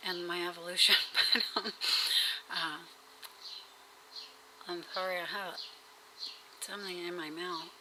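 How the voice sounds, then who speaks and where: Woman rambling on her home vlog, super bright voice, lots of ums and restarts, faint hiss behind. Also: medium pitch, poor audio. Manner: rambling, hesitant, many fillers and restarts. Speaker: vlogger. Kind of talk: casual spoken video diary.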